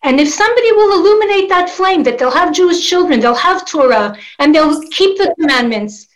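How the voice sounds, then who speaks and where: A woman journalist puts interview questions to a guest, warm and heartfelt, offering blessings and using Hebrew phrases. Her very high voice has lively intonation and a fairly quick pace, though the recording is rough.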